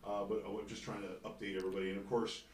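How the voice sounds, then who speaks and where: A man's voice: fairly low pitch, little pitch movement, racing, a little mellow, recorded from a distance, a little hiss or hum. Guy hosting sports radio, rambly and swears a lot, roomy echo, sits back from the mic. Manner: rambling, jokey, swears freely. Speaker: host. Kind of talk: casual sports talk. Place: radio studio.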